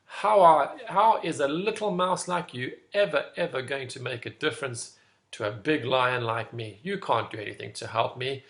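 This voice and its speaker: A man booming as a big scornful lion. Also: moderate pace, a bit bright, close to an everyday voice. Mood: mocking. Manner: mocking, booming.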